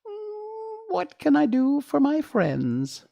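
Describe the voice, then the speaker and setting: A man voicing the tiny, kindly queen of the mice with a very high, squeaky voice in a storybook reading. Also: huge pitch swings, takes it slowly, creaky, mellow, full character voice. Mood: helpful. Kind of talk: storybook read-aloud.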